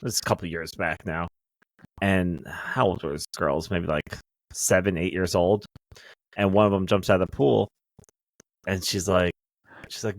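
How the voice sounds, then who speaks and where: A man co-hosting a podcast in casual chat, laughing easily and throwing in quick, dry quips. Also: deep voice, fairly even intonation, no room sound, low-quality recording. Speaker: podcast co-host.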